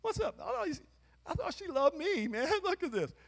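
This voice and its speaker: A man voicing a bewildered male pet dog who feels betrayed, in a high squeaky put-on voice, complaining plaintively. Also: very animated, normal speed, vocal fry, full character voice. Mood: baffled.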